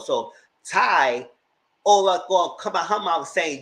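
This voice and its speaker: A man giving a casual, animated recap of a reality show, slipping into mock voices as he retells scenes. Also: on the high side, moderate pace, rough recording.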